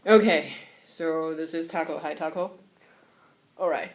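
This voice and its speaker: A young woman from Taiwan giving a casual, chatty lesson on Mandarin tones at home, sometimes singing syllables to show the pitches. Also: unhurried. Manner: relaxed, chatty, breaks off to soothe her cat; sings syllables and solfege to demonstrate tones. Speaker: Mandarin tone teacher.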